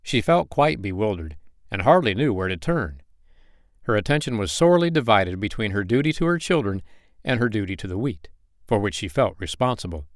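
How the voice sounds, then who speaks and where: Male bedtime-story narrator, gentle and expressive, animated pitch, dry close mic. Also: fairly quick, no room sound. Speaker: podcast storyteller.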